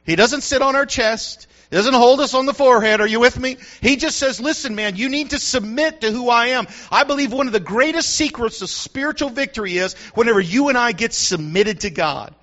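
A man's voice: very high voice, fairly quick, hardly any pauses, pushed and bright. A middle-aged man, a pastor, preaching a sermon with call-and-response asides to the congregation. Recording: dull lo-fi sound.

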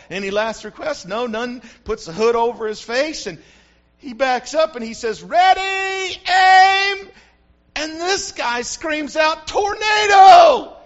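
A man preaching a sermon to his congregation, telling stories with animation and often calling out "Amen?" to the room. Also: very high-pitched. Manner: animated storytelling, frequent call-outs to the congregation. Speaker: pastor. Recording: dull lo-fi recording.

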